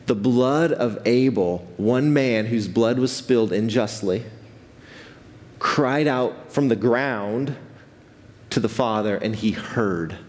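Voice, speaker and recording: A man's voice: mid-range voice, takes it slowly. Man preaching in a reverberant hall. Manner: animated, conversational preaching with restarts. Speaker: pastor. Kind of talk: sermon. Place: church sanctuary.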